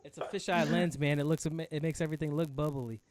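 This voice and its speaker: A man's voice: on the high side, steady tone, quick pace, a little mellow. Laid-back man chatting on a podcast. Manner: laid-back, swearing, laughs often. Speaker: podcast co-host. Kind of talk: casual chat.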